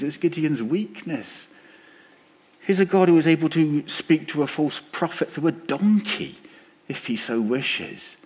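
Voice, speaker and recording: A man preaching a sermon as pastor, conversational and lively, acting out quotes as he speaks. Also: mid-range voice.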